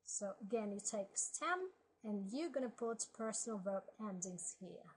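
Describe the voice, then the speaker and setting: A woman teaching a language lesson, slowly reading word lists aloud and explaining grammar step by step. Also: medium pitch, lively intonation, a little hiss or hum, low-quality recording. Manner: slow, methodical, reads word lists aloud.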